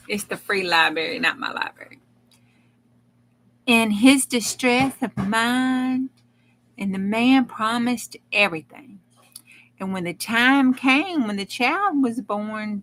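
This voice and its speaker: A woman's voice: on the high side, a bit bright, poor audio. A woman hosting a crafting channel, reading a fairy tale aloud in a folksy way with chatty asides. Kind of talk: storytelling read-aloud with casual asides.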